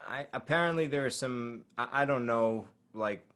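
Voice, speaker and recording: A young man talking as a podcast guest in a relaxed, rambling way, swearing casually. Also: mid-range voice, moderate pace. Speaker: guest, breath coach. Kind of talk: casual chat.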